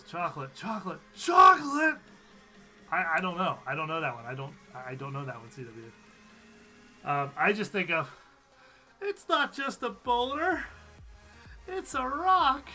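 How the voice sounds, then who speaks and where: Bright-voiced chatty male streamer. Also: a little high, quick pace, soft background music. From USA. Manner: chatty, reads viewer comments aloud, laughs often. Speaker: live stream host. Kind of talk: casual live-stream chat.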